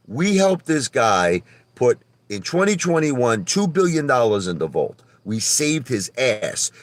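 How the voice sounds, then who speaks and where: A man with a Brooklyn New York accent, talking in a casual livestream rant from his car, animated and profane, swinging from loud outbursts to low muttering. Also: no echo. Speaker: livestream host.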